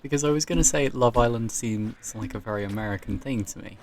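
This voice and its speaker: A man's voice: medium pitch, fast, a little hiss or hum. Young British man, rambling and sweary. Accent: British English. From Britain. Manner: sweary, rambling, self-correcting, drops into muttered asides. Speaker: vlogger. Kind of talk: rambling solo chat.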